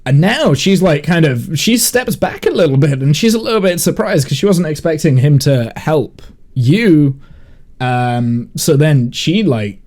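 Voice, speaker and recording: Slow, easygoing man running a game. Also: on the high side. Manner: relaxed, hesitant, many fillers. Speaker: game master. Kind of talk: narrating a tabletop game.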